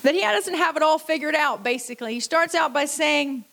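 High-voiced woman preaching a sermon. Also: gravelly, a bit bright. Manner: conversational storytelling with frequent "you know"; repeats and slows key phrases for emphasis.

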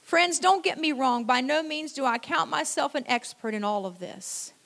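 A middle-aged woman with a high voice preaches a sermon. She tells it like a chat with the congregation, dropping in "you know" often. She slows down and repeats key phrases to drive them home. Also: lively intonation, vocal fry, fairly bright tone. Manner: conversational storytelling with frequent "you know".

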